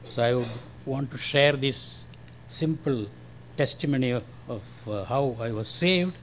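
Older Indian man speaking slowly. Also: mid-range voice, expressive, slight background noise. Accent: Indian, Malayalam-influenced. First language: Malayalam. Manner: slow, careful, friendly with short laughs. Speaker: guest speaker giving testimony. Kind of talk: church testimony talk.

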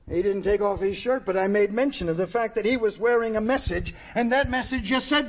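High-voiced emphatic male preacher, lo-fi. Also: fairly quick, few pauses. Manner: emphatic, rising to shouts on key phrases. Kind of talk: sermon. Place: church hall. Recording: dull lo-fi sermon recording.

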